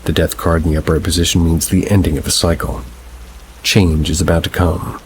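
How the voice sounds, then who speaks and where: A man narrating submitted scary stories in a slow, measured reading style. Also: sits low, flat delivery, slight background noise, rough recording.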